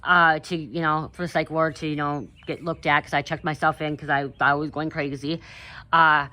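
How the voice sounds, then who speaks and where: Woman with a lowish voice rambling through spiritual advice, lots of "you know" and "okay?". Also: flat delivery, moderate pace, bright, forceful tone. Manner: earnest, coaching tone addressing viewers. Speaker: spiritual content creator. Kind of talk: casual spiritual advice monologue.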